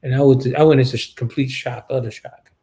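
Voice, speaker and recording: A man, a guest in an interview, telling a painful personal story in a halting, shaken way with many restarts. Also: medium pitch, steady tone, dark tone, slightly rough, rough recording. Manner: shaken and subdued.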